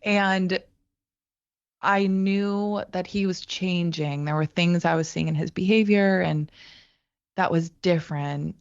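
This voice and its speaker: Low-voiced woman in her thirties, reflective interview guest, halting delivery. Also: clear, resonant tone, dry recording, highs cut off. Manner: thoughtful, halting, many restarts. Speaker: guest, actor and writer.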